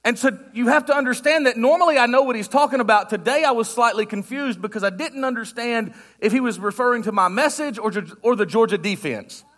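A man preaching as a guest pastor in a church, talking to the congregation in a loose, joking way. His voice sits high and sounds bright and forward. He keeps it conversational throughout. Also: a little fast, hardly any pauses. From United States. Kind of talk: sermon. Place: church sanctuary.

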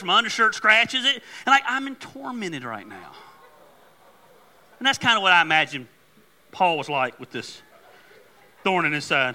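A middle-aged man preaches with a voice pitched high for a man and a sharply bright, forceful edge. He tells stories in an animated, joking way, then turns earnest. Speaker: pastor. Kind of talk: sermon.

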